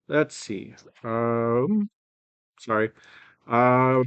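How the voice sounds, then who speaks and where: A man hosting a staff planning meeting in a hotel room, reading department updates with frequent ums and pauses. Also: medium pitch, fairly bright tone, dry recording. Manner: halting, reads updates aloud with many ums. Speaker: meeting host. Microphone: phone mic, sometimes held low.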